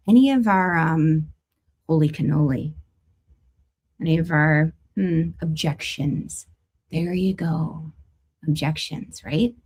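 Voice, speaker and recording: A woman's voice: low-pitched, a little mellow. A woman reading tarot cards and giving a weekly spiritual forecast, chatting casually with playful stories and asides.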